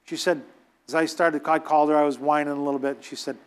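A man with a notably high voice delivers a sermon in an emphatic, exhorting way. He scolds his listeners and acts out the voices of the people he quotes. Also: level tone, fast talker, smooth. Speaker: preacher.

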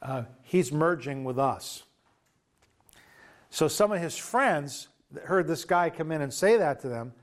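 A man's voice: on the high side, animated, unhurried. A man preaching a sermon, retelling a story in a loose conversational way and acting out the quoted dialogue. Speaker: pastor.

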